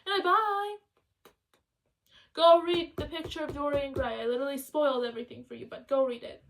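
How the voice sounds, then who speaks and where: High-voiced woman rambling about a book. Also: a little hiss or hum. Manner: chatty, rambling, quick and excitable. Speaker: student book vlogger. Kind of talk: casual rambling book review.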